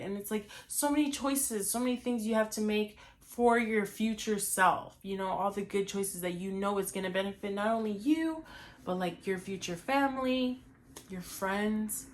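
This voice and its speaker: A woman's voice: medium pitch, normal speed, slight background noise. A young woman talking earnestly and emotionally to her viewers about her weight loss, with lots of "like" and "you know". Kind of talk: casual confessional talk to camera.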